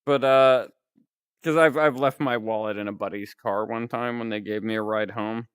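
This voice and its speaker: A man's voice: lowish voice, fairly even intonation, moderate pace, fairly bright tone, clean tone, dry recording, clean studio sound. A young man streaming, telling a rambling story in casual chat and laughing often.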